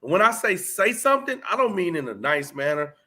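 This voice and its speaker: A man's voice: high voice, very animated, a little fast, bright, forceful tone. A man in casual conversation, speaking emphatically in street slang and acting out heated exchanges as he tells a story. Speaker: host.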